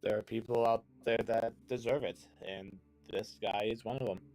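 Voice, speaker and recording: Casting: low-pitched man, tabletop player in character, earnest and steadying, soft music under. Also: steady tone, moderate pace, rough recording. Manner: earnest, steadying, full of restarts. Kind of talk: in-character role-play.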